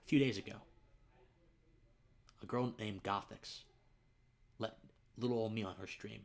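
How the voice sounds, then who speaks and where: A man's voice: fairly low pitch, steady tone, a little slow, gravelly. Emotional young man telling his story. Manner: earnest, emotional, voice dropping to near whispers. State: choked up, tearful. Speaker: livestream host. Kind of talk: emotional personal story on a livestream.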